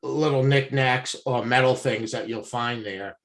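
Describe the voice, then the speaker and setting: A man's voice: medium pitch, a little slow, fairly bright tone. A man as a guest in casual chat, rambling and now and then teasing.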